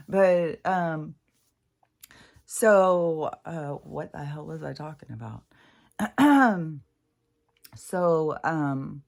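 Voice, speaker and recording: A middle-aged spiritual vlogger with a low, gravelly, slightly breathy voice rambles casually, swearing freely, laughing a lot and letting thoughts trail off.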